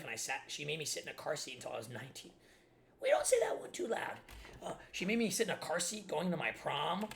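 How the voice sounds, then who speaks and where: Gravelly young man rambling casually. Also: mid-range voice, fairly bright tone. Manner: rambling, lots of filler words. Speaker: streamer. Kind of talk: casual storytelling chat.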